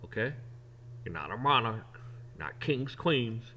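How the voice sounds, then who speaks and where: A man in mid-rant on his own show, blunt and heated. He swears freely and stumbles over repeated words as he pushes his point. His pitch sits right in the middle for a man. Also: lively intonation, measured pace, sharp tone, slight background noise. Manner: repeats words and restarts when worked up. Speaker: podcast host. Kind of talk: opinion rant.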